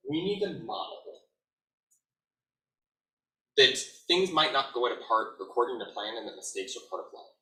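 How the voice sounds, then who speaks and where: A man in his thirties presenting to an audience in a casual, animated way, his bright voice swinging widely in pitch. He sounds a little away from the microphone in a reverberant room. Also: normal speed, pauses often. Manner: conversational, animated, lots of "like". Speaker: educator presenter. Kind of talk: conference presentation. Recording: echoey room, mic at a distance.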